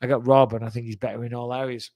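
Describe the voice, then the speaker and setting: Fan questions get read out and answered in a blunt, chatty, freely swearing way by this forties-aged host of a live chat, who seems to be getting over a cold. His mid-range voice is level, fast and darkish in tone.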